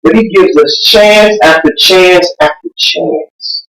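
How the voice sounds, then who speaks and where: A woman preacher giving a sermon in an impassioned, conversational way, her voice breaking into near-shouts. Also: fairly low pitch, slow pace. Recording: roomy sound from a distant mic.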